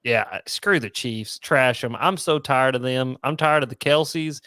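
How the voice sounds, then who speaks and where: A man's voice: medium pitch, unhurried, sharp tone, dry recording, studio quality. A man with a Southern US accent, a podcast guest chatting bluntly and joking, swearing freely. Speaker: guest angler. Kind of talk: casual podcast chat.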